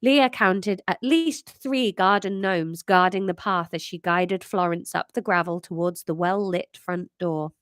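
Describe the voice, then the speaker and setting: A woman's voice: lowish voice, a little slow, hardly any pauses, clean tone, no echo, studio quality. Nasal, congested woman chatting. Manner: chatty, self-mocking, rambling asides with many fillers. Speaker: comedian host reading her own story. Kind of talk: casual live-stream chat and reading aloud.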